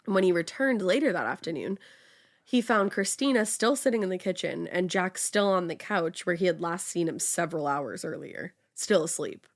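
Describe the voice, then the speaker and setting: Chatty low-voiced woman telling a story. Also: normal speed. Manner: chatty storytelling with many fillers. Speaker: podcast co-host telling the story. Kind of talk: casual true-crime chat.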